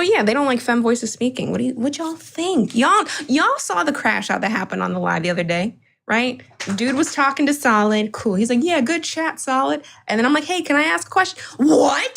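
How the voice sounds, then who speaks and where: A woman's voice: fairly high pitch, creaky. A woman co-hosting a livestream in casual chat, blunt and profane, mocking people in the chat.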